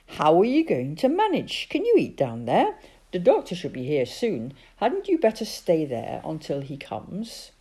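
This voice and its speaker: A kindly mother teases her husband with gentle amusement, as a woman storyteller reads her. The voice is low and mellow with lively pitch. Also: unhurried, slightly rough, exaggerated voice. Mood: concerned.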